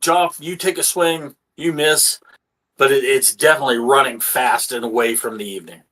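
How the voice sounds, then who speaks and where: A man's voice: medium pitch, steady tone, pushed and bright, rough recording. Casual swearing man running a tabletop game. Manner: casual, swearing, halting with fillers. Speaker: game master.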